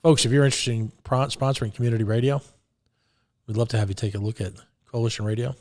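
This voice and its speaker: A male talk radio host at an ordinary middle pitch, running his show live. He slides into sarcasm and stumbles through restarts, repeating words as he searches for the next thought. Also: a little mellow. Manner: halting, repeats words, laughs often.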